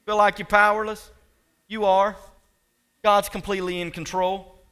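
A male pastor preaching a sermon, swinging between quiet asides and loud, impassioned lines and talking directly to his congregation. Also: high-pitched, flat delivery, moderate pace, smooth.

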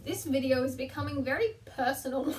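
A woman's voice: high-pitched, brisk, far from the mic, slight background noise. A young woman chatting casually to camera from her bedroom floor, self-deprecating and laughing at herself. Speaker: vlogger. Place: bedroom, sitting on the floor between two beds.

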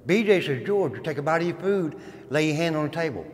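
A man's voice: fairly high pitch, animated, fast talker. Folksy man telling prison stories in a hall. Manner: folksy, dramatic, addresses viewers as guys. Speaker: former inmate giving a prison tour. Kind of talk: storytelling tour. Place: inside an old prison. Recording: long echo of a stone hall.

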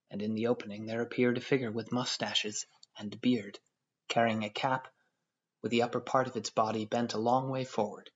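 A man narrating an audiobook in a measured storytelling manner. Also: mid-range voice, husky. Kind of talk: scripted narration. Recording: dull lo-fi audio.

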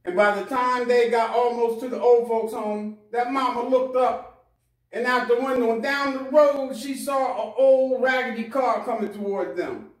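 A man's voice: very high-pitched, steady tone, moderate pace. A man preaching, telling a story in a rhythmic, repeating style. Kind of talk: sermon storytelling. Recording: echoey room, far from mic.

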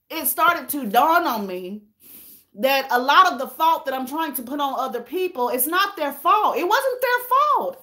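A woman's voice: high voice, sharp tone. A woman vlogging about her own life, earnest and emotional, repeating herself and talking straight to her viewers. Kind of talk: emotional personal vlog talk.

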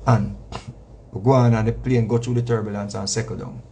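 A man's voice: fairly low pitch, fairly even intonation, fairly quick, dark tone, a little hiss or hum. A man with a Jamaican accent, a reggae artist, talking in a casual monologue that repeats itself for emphasis. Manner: preachy, repetitive, emphatic with slang asides.

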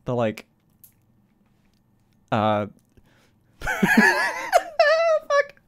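A man's voice: very high voice, huge pitch swings, extremely slow, a bit bright. A man in his twenties chatting casually on a live stream, swearing freely, laughing often and rambling in a self-conscious way. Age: 20s.

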